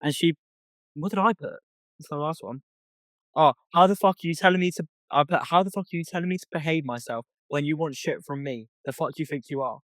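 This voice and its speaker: On a casual podcast, a young male co-host reads text messages aloud to tell a story, cursing frequently along the way. He speaks fairly quickly in a slightly high voice, with no room sound in the recording.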